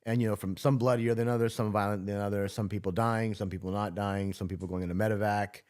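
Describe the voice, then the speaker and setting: A man's voice: lowish voice, steady tone, fast, darkish tone. A man from Southern California, a former correctional officer, telling a story in a casual interview, loose and profane, full of filler words.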